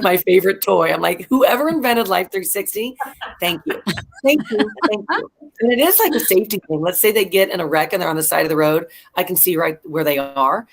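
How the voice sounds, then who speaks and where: Brief: middle-aged woman, panel guest, candid, self-mocking, animated chat. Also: fairly low pitch.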